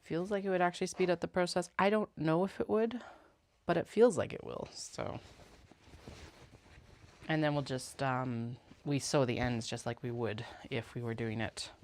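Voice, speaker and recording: Low, gravelly woman chatting. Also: normal speed, darkish tone. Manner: chatty, mutters to herself and her cats. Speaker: sewing vlogger. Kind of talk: casual chat while working. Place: basement sewing room. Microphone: clip-on mic.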